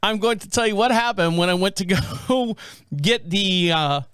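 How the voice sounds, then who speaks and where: High, smooth-voiced male podcast host. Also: normal speed, fairly bright tone, no room sound. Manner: rambling anecdotal delivery, acts out quoted people. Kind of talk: casual storytelling monologue.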